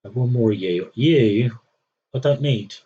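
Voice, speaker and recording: A man's voice: mid-range voice, unhurried, dark tone, slightly rough, lo-fi sound. A man streaming a strategy game, talking to himself in a wry, rambling, self-mocking way. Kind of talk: rambling live-stream commentary.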